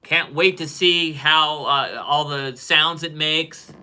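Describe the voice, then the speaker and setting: Bright-voiced American man hosting a webcast. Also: fairly high pitch, steady tone, takes it slowly, clean tone. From United States. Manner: upbeat, greets viewers by name. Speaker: host. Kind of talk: casual live webcast chat. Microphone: cell phone.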